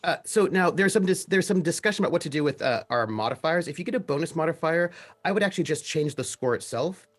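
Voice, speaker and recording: A man narrating and explaining rules as game master of a tabletop game, in a relaxed way with many pauses. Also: a little high.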